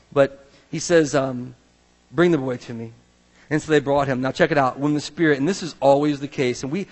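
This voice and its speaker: A male pastor preaching a sermon to a church, animated, acting out the Bible's voices. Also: mid-range voice. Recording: long reverb of a large hall.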